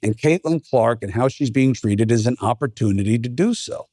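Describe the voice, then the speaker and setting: A middle-aged man talks straight into the mic in a blunt, emphatic podcast monologue. His pitch sits in an ordinary male middle range. The sound is close and dry, with no room around it. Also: moderate pace, dark tone, dry recording. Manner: blunt, conversational, emphatic, swears. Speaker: podcast host. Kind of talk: opinion monologue.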